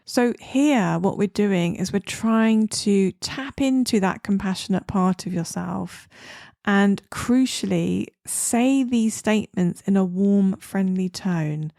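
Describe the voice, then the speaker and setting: A woman psychologist with an Australian accent giving calm, soothing advice on a podcast, sometimes slowing down to a whisper. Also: mid-range voice, gravelly, no echo, studio quality. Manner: calm, soothing, slows down and drops to a whisper on key words.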